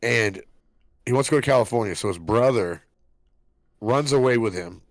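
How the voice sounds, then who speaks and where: A man's voice: medium pitch, normal speed, no echo. A man in his forties co-hosting a podcast, a father who talks bluntly and swears when exasperated. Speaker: podcast co-host. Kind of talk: casual chat.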